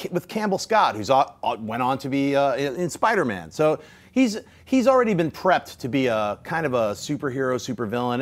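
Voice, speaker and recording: A man arguing in a mock courtroom debate, halting and restarting often. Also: mid-range voice. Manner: halting, with many fillers and restarts.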